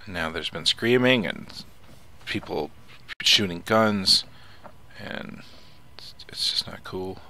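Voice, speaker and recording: A man with a low, gravelly voice and a bright, edgy tone chats his way through a survival game. He mutters to himself between actions and swears when something startles him. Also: expressive, takes it slowly, pauses often. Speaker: let's play host. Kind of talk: casual gameplay commentary.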